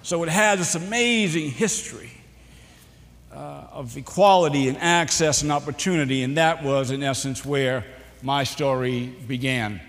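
A middle-aged man with a Boston accent giving a public speech, telling jokes and his own story with dramatic pauses and "uh" fillers. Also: medium pitch, slight background noise. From New Bedford, Massachusetts. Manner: warm, joking delivery with dramatic pauses and frequent "uh" fillers. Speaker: keynote speaker. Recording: long hall reverb.

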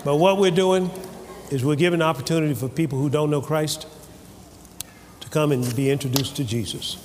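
A man preaching a sermon in a church, animated and calling on the congregation for amens. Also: a little high, moderate pace, slight background noise. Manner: animated, calls for amen from the congregation. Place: church sanctuary. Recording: hall reverb with faint ambience.

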